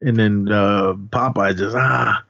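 A man's voice: lowish voice, fairly even intonation, slow pace, creaky, pushed and bright, dry recording. A man casually recapping a film on a podcast, rambling and acting out the characters' lines. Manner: rambling retelling with acted-out quotes. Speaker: podcast co-host. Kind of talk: casual movie recap chat. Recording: dull lo-fi audio.

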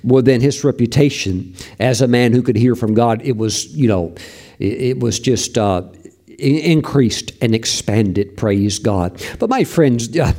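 A man's voice: mid-range voice, unhurried, darkish tone. A man preaching a sermon, telling a story with fervent emphasis and bursts of praise.

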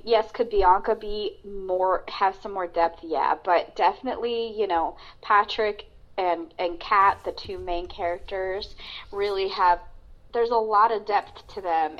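A woman's voice: medium pitch, fairly even intonation, a little slow. A woman co-hosting a podcast, chatting casually about a film with lots of fillers and restarts. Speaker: podcast co-host. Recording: dull lo-fi sound.

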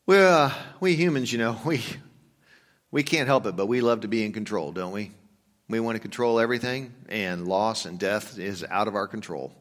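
A male pastor preaching a sermon, moving between hushed, slow reflection and loud, emphatic urging. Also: lowish voice. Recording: long reverb of a large hall.

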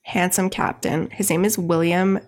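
A woman in casual chat, retelling a cartoon episode, saying "like" a lot and jumping up in pitch when she acts out the characters. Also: fairly even intonation, normal speed. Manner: chatty, heavy use of "like", acts out voices with big pitch jumps. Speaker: podcast co-host recapping a cartoon episode.

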